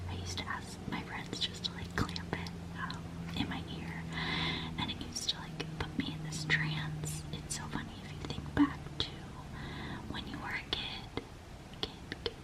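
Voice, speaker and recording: Soft whispering young woman, whispered role-play. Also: a little slow, poor audio. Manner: soft breathy whisper, trailing repeats. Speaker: vlogger. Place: indoors at home.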